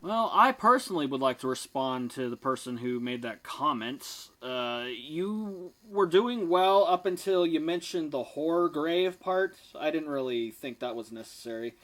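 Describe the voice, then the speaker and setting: Reaction host, sarcastic, profane, mock-angry, average pitch. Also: lively intonation, a little slow, hardly any pauses. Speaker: commentary video host. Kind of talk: reaction commentary.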